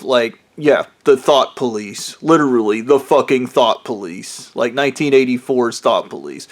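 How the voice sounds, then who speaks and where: A man's voice: medium pitch, moderate pace, hardly any pauses. A man vlogging a profane, rambling monologue in a bitter, aggrieved tone. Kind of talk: ranting monologue.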